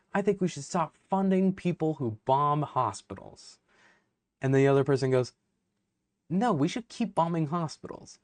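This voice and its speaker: A man's voice: medium pitch, no echo. A young man vlogging to camera, ranting heatedly and rambling, with many fillers and swearing.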